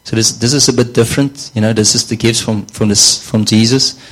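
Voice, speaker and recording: A man's voice: mid-range voice, fairly even intonation, a little fast, a bit bright, low-quality recording. A man preaching a sermon in a conversational way, often repeating words and saying "you know".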